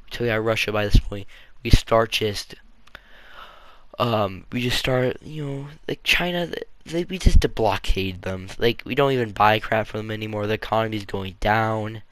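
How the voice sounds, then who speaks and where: A man's voice: lowish voice, measured pace, a bit bright, dry recording. A man giving a casual, rambling opinion monologue, offhand and full of fillers and restarts. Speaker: video creator.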